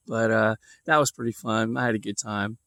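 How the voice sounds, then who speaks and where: A man's voice: on the low side, fairly even intonation, brisk, pushed and bright, dry recording, clean studio sound. A man telling a personal story in a casual, rambling way, with lots of fillers and restarts. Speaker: vlogger.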